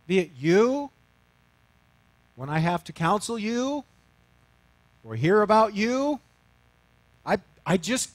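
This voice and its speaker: A middle-aged male pastor telling a story in a sermon, self-mocking and animated, swinging from loud to hushed. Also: high-pitched, no echo.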